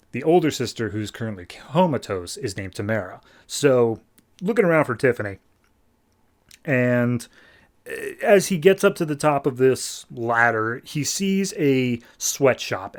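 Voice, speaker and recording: Man casually recapping a story. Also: mid-range voice. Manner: rambling, loose storytelling. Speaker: podcast host.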